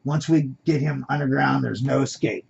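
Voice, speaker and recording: Man doing a cool, confident kidnapper, gravelly, husky. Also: medium pitch, normal speed, a little mellow, exaggerated voice. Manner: confident, matter-of-fact. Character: confident male kidnapper driving a car. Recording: dull lo-fi recording.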